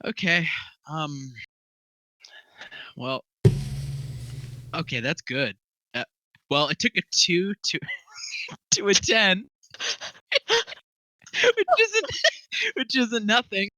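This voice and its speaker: A man's voice: high voice, very animated, extremely slow, pauses often, sharp tone, no echo. A young man narrating as game master, laughing often and swearing casually. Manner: laughing often, loose and profane. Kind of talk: narrating a tabletop game over voice chat.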